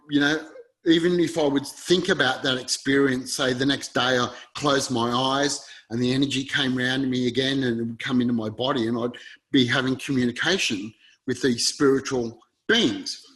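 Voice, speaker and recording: Man, interview guest, earnest rambling storyteller, mid-pitched voice. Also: a bit bright, poor audio. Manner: earnest, rambling, acts out quoted dialogue.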